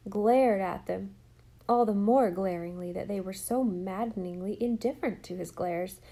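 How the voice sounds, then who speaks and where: Woman reading a kids story aloud, calm and even, mellow dark tone. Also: mid-range voice. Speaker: narrator. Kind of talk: audiobook narration.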